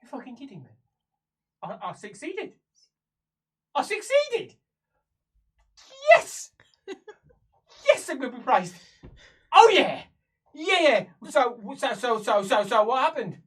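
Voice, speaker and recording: Woman doing a high pitched lady spy, stammery, swears a lot, loud. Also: big pitch swings, normal speed, slightly rough, distant mic, full character voice. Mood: exultant. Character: foul-mouthed, excitable woman spy in a cell.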